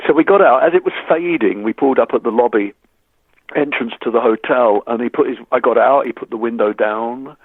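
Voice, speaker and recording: A man from England, a musician guest in an interview, telling animated anecdotes, stammering on restarts and acting out the voices of people he quotes. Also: mid-range voice, brisk, slightly rough, no echo. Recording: dry, phone-like line.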